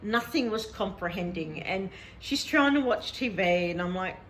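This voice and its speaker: Chatty woman, lively voice. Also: medium pitch, normal speed, background noise. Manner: chatty storyteller, laughs often. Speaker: vlog host. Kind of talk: casual chat.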